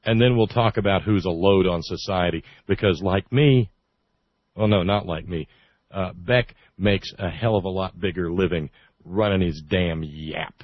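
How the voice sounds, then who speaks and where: A man's voice: sits low, moderate pace, no room sound, highs cut off. A man hosting a talk radio show, speaking earnestly with stumbling restarts and self-corrections. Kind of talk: talk radio monologue and call-in. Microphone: studio microphone.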